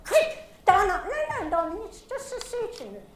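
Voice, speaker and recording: High bright-voiced lady coaching ballet, lively up and down, calls everyone darling, echoey studio. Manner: brisk and animated, calls dancers darling. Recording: echoey room with background noise.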